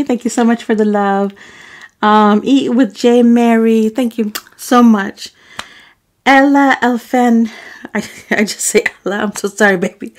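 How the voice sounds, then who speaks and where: A woman vlogger thanking her viewers by name, affectionate and apologetic when she stumbles over their names. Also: on the high side. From Arab. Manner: affectionate, calls viewers baby boo. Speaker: mukbang vlogger. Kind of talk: casual shout-outs to viewers.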